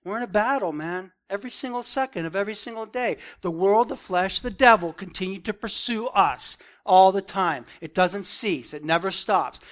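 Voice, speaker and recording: A man's voice: high voice, moderate pace, few pauses, fairly bright tone. A man preaching an expository Bible lesson, earnest and conversational, who keeps saying "man" and "right?" and rises in force on his emphatic points.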